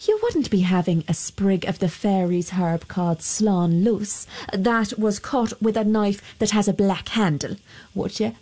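A woman voicing a sly, smooth-talking soldier who wheedles and flatters. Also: mid-range voice, measured pace, natural voice. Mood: wheedling.

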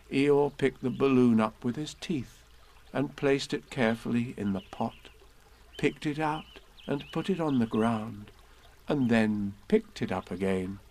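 A man reading a children's storybook aloud, gentle and expressive. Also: medium pitch.

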